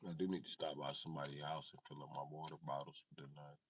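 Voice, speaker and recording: A man's voice: very deep voice, little pitch movement, fast, slightly rough, far from the mic. A man in his thirties hosting a live stream, rambling casually and profanely and answering his chat. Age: 30s. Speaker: livestream host.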